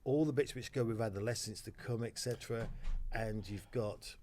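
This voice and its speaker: Measured man in his sixties hosting. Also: fairly low pitch, a little mellow, a little hiss or hum. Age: 60s. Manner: measured, reflective questioning. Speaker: host. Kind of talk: podcast interview.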